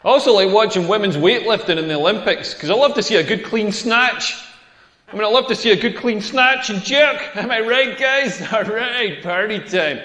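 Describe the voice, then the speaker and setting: A man's voice: high-pitched, moderate pace, bright, forceful tone. A man playing a cheeky stand-up comedian who delivers crude pun jokes in a set. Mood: deadpan. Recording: echoey club hall.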